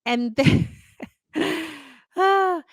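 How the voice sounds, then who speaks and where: A woman's voice: very high voice, lively intonation, drawn-out words, dry recording. A middle-aged woman hosting a podcast, telling a long personal story in casual chat. She talks earnestly and rambles, often restarting her sentences. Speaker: podcast co-host.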